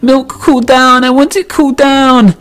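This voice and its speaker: A man voicing his whiny toddler daughter under two, with high wailing demands in simple words. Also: fairly even intonation, measured pace, a bit bright. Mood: crying demand.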